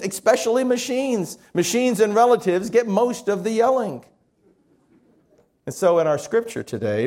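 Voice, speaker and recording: Male pastor, higher-pitched voice, conversational sermon delivery with quoted readings. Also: darkish tone.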